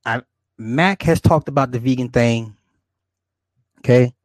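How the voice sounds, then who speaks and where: A man's voice: mid-range voice, measured pace, dry recording, clean studio sound. Rambling, profane man streaming from home. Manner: rambling, profane, laughs often, talks to viewers. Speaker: livestream host. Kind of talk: casual livestream chat, reading comments.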